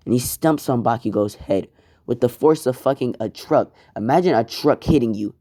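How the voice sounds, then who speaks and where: A man's voice: mid-range voice, normal speed, warm tone, no echo, studio quality. A man casually telling a fan story in a laid-back, rambling way, with some swearing.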